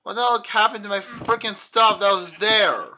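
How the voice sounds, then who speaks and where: Commenting on his gameplay, a young man who runs a gaming channel keeps complaining in exasperation about items he's lost. His high voice moves at a moderate pace and sounds pushed and bright. The lo-fi recording carries slight background noise.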